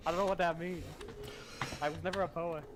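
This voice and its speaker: A man's voice: fairly high pitch, steady tone, fast, noisy background. A man playing a tabletop role-playing game, talking casually and jokily in character. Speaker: player.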